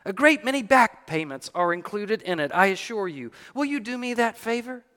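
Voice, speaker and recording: A man's voice: high voice, big pitch swings, normal speed, pushed and bright, in a large hall, pitched above the performer's own voice, full character voice. A man reading aloud the lines of a joyful, reformed old miser in an earnest, eager way.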